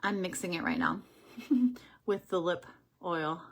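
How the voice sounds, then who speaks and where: A woman with a breathy, slightly husky voice hosts a casual makeup vlog. She chats and thinks aloud as she swatches colours, unsure of some names and now and then falling to a soft whisper. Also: fairly low pitch, wildly swooping pitch, takes it slowly. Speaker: beauty vlogger host.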